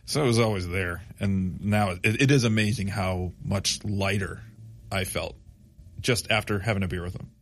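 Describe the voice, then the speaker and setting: A man's voice: sits low, moderate pace. A man chatting casually as a podcast co-host, laid-back and teasing. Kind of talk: casual chat.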